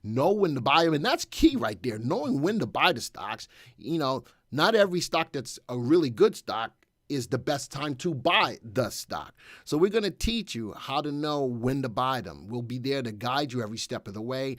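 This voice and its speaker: A man's voice: mid-range voice, big pitch swings, normal speed, fairly bright tone, dry recording, clean studio sound. A middle-aged man hosting a live stock market stream, upbeat and joking, greeting viewers by name.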